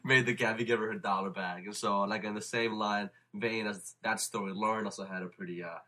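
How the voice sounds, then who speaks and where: A young man, hosting a casual podcast and telling stories quickly with lots of restarts. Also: fairly low pitch. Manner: fast, animated storytelling with restarts. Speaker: podcast host. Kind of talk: casual chat.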